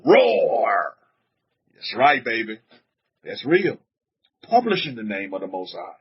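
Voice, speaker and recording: A man preaching a sermon to a congregation, animated, repeating words and putting questions to the room, on a dull lo-fi recording. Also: high-pitched, husky. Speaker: rabbi teaching a congregation.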